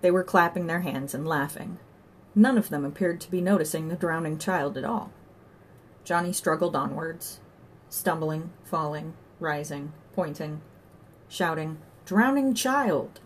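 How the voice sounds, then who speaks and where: A woman reads an audiobook aloud in scripted narration, telling the story in a measured, wry way. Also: deep voice, fairly even intonation, slight background noise.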